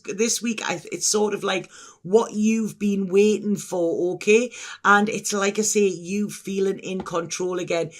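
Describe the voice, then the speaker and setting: Brief: male tarot reader, high voice, effusive and meandering, keeps restarting his sentences. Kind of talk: solo tarot reading to camera.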